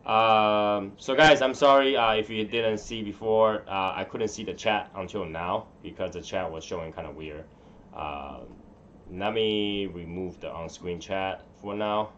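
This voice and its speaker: Man, low voice, casual live-stream host, rambling, mutters to himself, dull lo-fi sound. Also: moderate pace, a bit bright, slight background noise. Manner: rambling, mutters to himself while fiddling with settings. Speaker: livestream host. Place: room at home.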